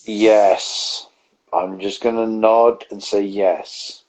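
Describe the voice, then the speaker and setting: A man chats on a home livestream in a low, husky voice. He rambles and restarts his sentences as he tells a story. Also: little pitch movement, extremely slow, a little mellow, poor audio. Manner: rambling, self-interrupting storyteller. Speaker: co-host of a beer review show. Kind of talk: casual chat on a livestream. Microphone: home setup on a live video stream.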